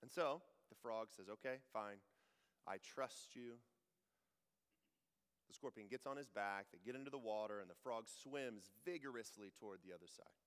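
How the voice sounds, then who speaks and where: A man's voice: lowish voice, brisk, few pauses, in a large hall. A man preaching a sermon as a pastor, conversational and joking in asides.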